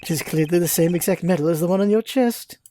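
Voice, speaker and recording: A woman voicing a confident male prosecutor, measured and formal as she reads game dialogue aloud. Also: fairly low pitch, dark tone, a little hiss or hum, natural voice.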